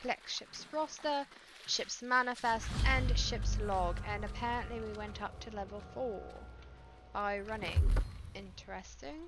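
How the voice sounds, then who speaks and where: A woman's voice: mid-range voice, a little slow, background noise. A woman streaming a game live, thinking aloud and reading out the game's text as she plays. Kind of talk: casual live-stream commentary while playing.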